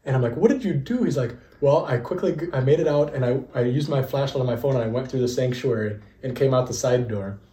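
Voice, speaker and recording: A young man co-hosting a podcast talks quickly at medium pitch with hardly any pauses. His casual storytelling is lively, full of laughter and acted-out quotes. The space sounds echoey.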